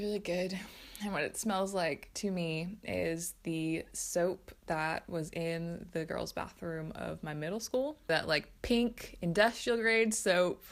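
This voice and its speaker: A woman hosting a casual skincare favourites video, chatty and enthusiastic. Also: on the low side. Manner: chatty, enthusiastic, self-aware. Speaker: beauty vlogger.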